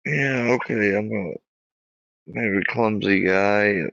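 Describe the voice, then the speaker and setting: A man rambling and cursing as he talks casually to his dog, with halting restarts, on a dull lo-fi recording. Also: on the low side, creaky, a bit bright, dry recording.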